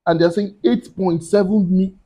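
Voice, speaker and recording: A man's voice: sits high, steady tone, moderate pace, dark tone. A young man from Nigeria hosting a reaction video, emotional and apologetic, repeating his words as he talks.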